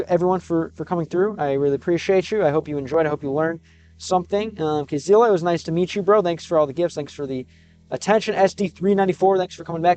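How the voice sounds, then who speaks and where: A man, a native English speaker, live-streaming in a casual chat, sounding out Russian words slowly and thinking aloud as he thanks viewers. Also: on the high side, a little mellow, clean tone.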